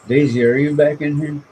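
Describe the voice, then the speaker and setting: Man, casual rambling chat, chuckles, warm mellow voice, outdoors at night, faint crickets. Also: medium pitch, slight background noise, rough recording. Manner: rambling, chuckling, laid-back. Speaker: streamer. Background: faint crickets and insects.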